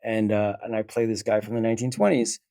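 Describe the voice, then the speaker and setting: A middle-aged man, a guest actor, telling an animated story in casual chat and acting out the voices he quotes. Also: fairly low pitch, quick pace, gravelly, no echo, clean studio sound. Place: livestream podcast.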